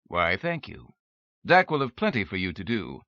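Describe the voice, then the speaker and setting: A man's voice: on the low side, huge pitch swings, moderate pace, no echo. A man playing a commanding, formal male inventor who speaks in a clipped way, in a dull, dry recording.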